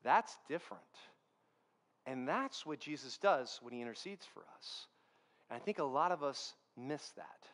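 A man's voice: mid-range voice, expressive, moderate pace, a bit bright. A man preaching a sermon in a church, conversational and self-deprecating, telling stories with humor. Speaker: pastor.

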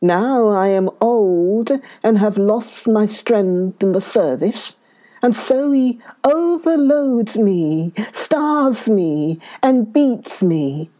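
An old, bitter camel snorts out his grievances in a storybook tale, slow and heavy. A woman acts him out with a dark, mellow tone pushed a little higher and louder than her own. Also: expressive. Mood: resentful. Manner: snorting, resentful.

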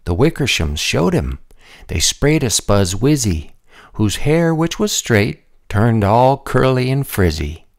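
A man reading a rhyming picture book aloud in an expressive, sing-song manner. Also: mid-range voice, takes it slowly. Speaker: storybook reader.

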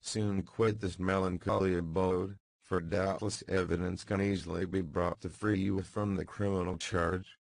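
Man reading a grave older magistrate for an audiobook: formal, measured, deep, dry. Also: level tone, gravelly, no echo. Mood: solicitous. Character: kindly older male magistrate, gentle but grave.

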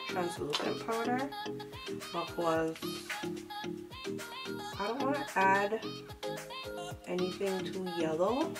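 A young adult woman chatting casually through a makeup tutorial, sassy and full of slang. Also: mid-range voice. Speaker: beauty vlogger. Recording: music playing behind.

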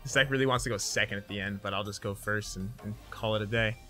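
A man streaming a card game, chatting casually, laughing often and counting out loud as he plays. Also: fairly low pitch, fairly even intonation, fast, faint music behind. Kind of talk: casual gameplay chat.

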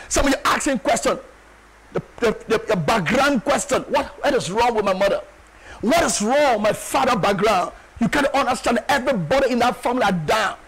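A man preaching a fervent sermon and prayer as pastor, repeating declarations with rising passion and often shouting. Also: very high-pitched, rough recording.

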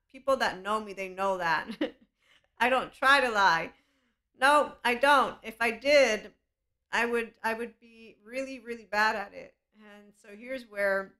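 With a medium-pitched, bright, and forceful voice, the woman hosts a podcast alone, chatting casually with listeners. She wanders from point to point and often dissolves into laughter.

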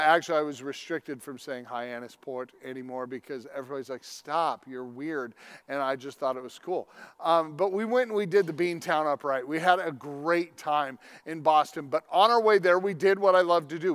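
A male pastor preaching a sermon in a conversational storytelling way, with sudden loud emphatic lines. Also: fairly high pitch, smooth.

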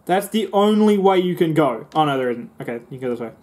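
A man's voice: fairly high pitch, expressive, quick pace, darkish tone, a little hiss or hum. A young man commentating a video game, swearing and grumbling with sarcastic frustration. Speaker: gaming YouTuber. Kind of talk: let's play commentary.

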